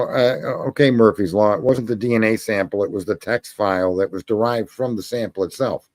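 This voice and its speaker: A man with a lowish, darkish voice hosts a call-in livestream, rambling through stories in a casual, profane way and laughing at his own jokes.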